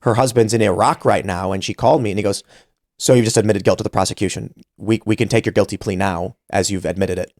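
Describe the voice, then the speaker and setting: A man's voice: on the low side, steady tone, fast talker, a little mellow, dry recording, clean studio sound. A man in his thirties hosting a podcast, telling a story casually and animatedly, acting out the voices he quotes. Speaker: podcast host.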